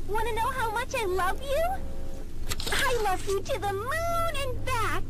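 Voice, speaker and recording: A clingy lonely toy bear. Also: female voice, very high-pitched, full character voice. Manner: pleading, needy. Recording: very noisy recording.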